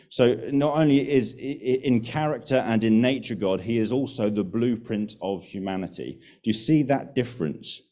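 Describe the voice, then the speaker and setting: A man's voice: lowish voice, dark tone. A man preaching a sermon in an earnest, emphatic way, repeating key phrases for stress.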